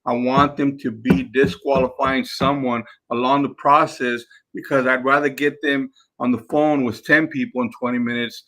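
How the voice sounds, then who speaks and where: A man coaching his team in a casual talk, repeating himself and acting out phone calls with sellers. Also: mid-range voice. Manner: energetic, repeats words, acts out phone calls. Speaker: real estate investing coach.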